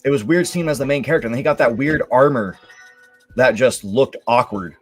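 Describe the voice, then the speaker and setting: A young man talks loosely on a live show, drifting through thoughts with plenty of fillers. His voice sits at an ordinary middle pitch. Soft music plays faintly underneath. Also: a little fast, slightly rough. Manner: relaxed, rambling, lots of fillers. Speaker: show host. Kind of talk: casual live-stream commentary.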